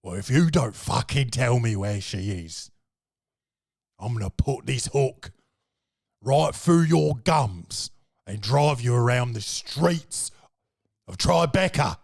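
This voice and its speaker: A man's voice: mid-range voice, lively intonation, slow pace, creaky, long pauses, darkish tone, breathy edge, no echo, studio quality, exaggerated voice. A man putting on a growling Cockney vigilante. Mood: menacing. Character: gruff male Cockney vigilante with hook.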